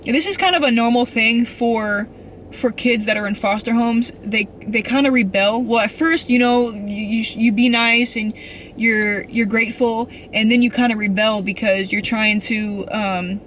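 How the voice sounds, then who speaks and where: A woman's voice: on the high side, moderate pace, a bit bright, slight background noise. A young woman vlogger telling an emotional personal story in a rambling, earnest way, full of fillers and restarts.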